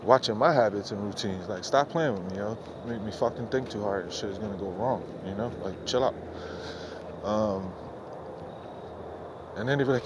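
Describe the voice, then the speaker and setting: A man's voice: on the low side, normal speed, pauses often, noisy background. A man hosting a podcast, delivering an unfiltered late-night rant outdoors into a phone headset, rambling, profane and exasperated. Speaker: podcast host. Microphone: phone with headphones.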